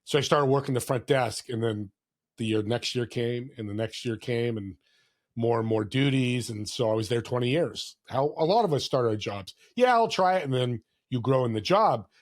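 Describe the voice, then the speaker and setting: An earnest man in his sixties speaks as a podcast guest, his voice sitting at a middle pitch. He tells a story from his own life in a heartfelt, unhurried way and briefly puts on the voices of other people in it. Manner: warm, earnest storyteller who acts out quoted voices. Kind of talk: casual storytelling interview.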